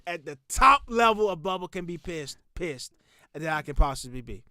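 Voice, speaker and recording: Young guy podcast host ranting about work, cussing a lot, a bit high voice, dry close sound. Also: normal speed, dry recording. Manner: animated, profane, swings from loud to muttered. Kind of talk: casual podcast storytelling.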